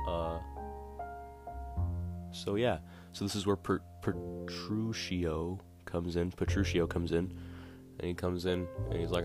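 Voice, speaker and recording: A man with a very low voice rambles through a wry, self-correcting retelling. Steady guitar music plays in the background. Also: a little slow. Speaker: podcast host. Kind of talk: casual rambling retelling of a play. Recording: guitar music playing behind.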